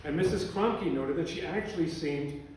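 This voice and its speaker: A man with a slightly high voice tells a humorous story to a live audience, dry and deadpan. He sounds far from the mic in a very echoey hall. A faint hiss sits under his voice. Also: normal speed. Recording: echoey room from a distance.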